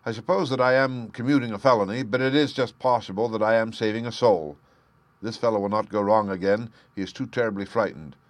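A man reading aloud plays a calm, aloof detective who speaks in measured, quietly authoritative tones. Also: on the low side, natural voice. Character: calm, aloof male detective, middle-aged.

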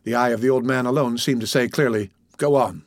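A man reads a classic novel aloud in a measured, even way. His voice sits at a typical middle pitch. The recording is close and dry, with no room sound. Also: dry recording. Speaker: audiobook narrator. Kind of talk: scripted narration of a classic novel.

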